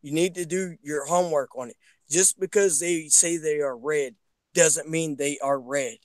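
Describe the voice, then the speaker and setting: A man's voice: a little high, moderate pace, dry recording. A man in a casual political chat, urging his listeners earnestly and often restarting his sentences. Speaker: guest.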